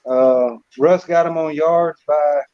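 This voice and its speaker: A man co-hosting a casual sports picks chat, relaxed and repeating words as he thinks. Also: a little high, slow. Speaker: co-host. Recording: slightly dull lo-fi audio.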